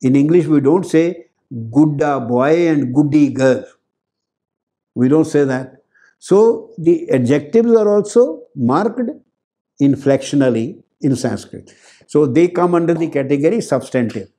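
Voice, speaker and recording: A man's voice: fairly high pitch, animated, unhurried, mellow. An older man with an Indian accent, a professor explaining grammar in a lecture, repeating key words and adding Hindi asides. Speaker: professor giving a talk on grammar.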